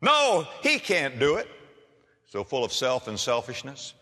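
A man's voice: medium pitch, very animated, a little slow, pushed and bright. A man preaching a sermon in a folksy storytelling manner, with humor, addressing listeners as friends. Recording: reverberant hall.

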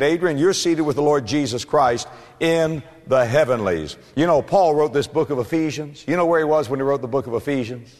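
A male preacher delivers a sermon in a steady mid-range voice. He leans hard on key words, slowing down and lifting them. The sound carries a long, hall-like reverb. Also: medium pitch. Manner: emphatic preaching, slows and rises on key words.

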